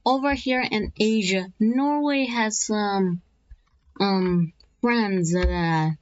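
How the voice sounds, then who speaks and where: A woman casually narrating over an animated map, rambling and correcting herself as she goes, slipping into playful asides. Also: medium pitch, dry recording, highs cut off.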